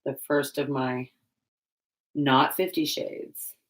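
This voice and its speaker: A woman's voice: very deep voice, steady tone, slow. A woman vlogger chatting casually while painting, rambling and laughing often.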